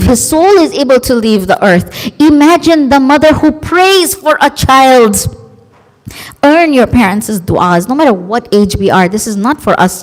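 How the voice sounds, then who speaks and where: A woman preacher giving an emotive religious sermon, expressive and acting out quoted voices. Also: sits high. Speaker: female preacher. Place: large community centre hall. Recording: long hall reverb.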